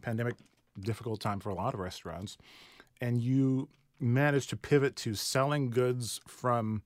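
A man's voice: medium pitch, moderate pace, dry recording, clean studio sound. A man hosting a live radio interview in a restaurant, eager and tasting dishes as he talks. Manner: enthusiastic, tasting food while talking. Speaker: radio host.

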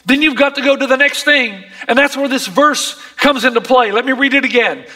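A man's voice: very high-pitched, fairly quick, few pauses, sharp tone, in a large hall. A man preaching a sermon as pastor, emphatic and impassioned.

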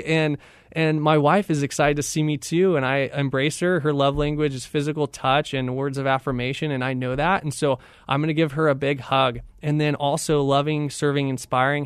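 A man's voice: on the high side, clean tone, no room sound. A young man speaking as a radio guest, giving an enthusiastic, motivational talk and acting out the voices of people in his stories. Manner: enthusiastic, animated storyteller who acts out voices. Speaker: guest, training director.

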